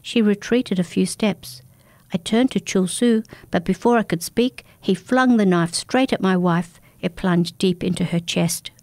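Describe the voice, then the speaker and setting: A woman narrating a first-person folk tale in a calm, measured, intimate manner. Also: mid-range voice, dry recording. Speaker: storyteller.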